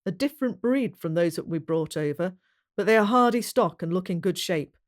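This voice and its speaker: A man's voice: sits high, lively intonation, normal speed. A woman doing a cheeky horse-dealing brother. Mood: brisk.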